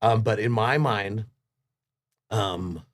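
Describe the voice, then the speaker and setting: A man's voice: fairly low pitch, slow. A man as a podcast guest, telling rambling, enthusiastic stories in casual chat, swearing freely. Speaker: podcast guest, rock singer.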